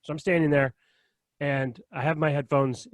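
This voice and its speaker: A young man on a podcast telling a story in casual chat, animated and profane, often checking in with "right?" and "okay?". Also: fairly high pitch, normal speed, dry recording. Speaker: podcast co-host.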